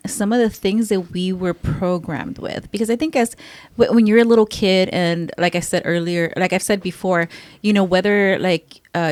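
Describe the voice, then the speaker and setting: A woman with a somewhat low voice speaks reflectively and earnestly on a casual podcast. Her voice sounds dry and close, with no room echo. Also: a little mellow. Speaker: podcast co-host. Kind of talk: casual chat.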